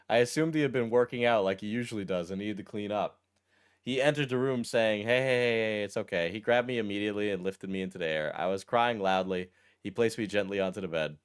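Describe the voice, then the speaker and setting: A male streamer casually reading a post aloud and breaking off for wry, deadpan asides. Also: fairly low pitch, smooth. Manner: wry, deadpan asides between read passages. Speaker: streamer reacting to a text post.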